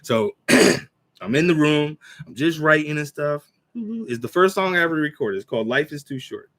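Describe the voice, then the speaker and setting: A man in his forties talking casually to a computer mic, rambling with restarts and clearing his throat. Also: a little high, animated, a bit bright. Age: 40s. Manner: recites his own verses in a slow, measured cadence. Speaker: channel host. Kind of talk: casual talk to camera.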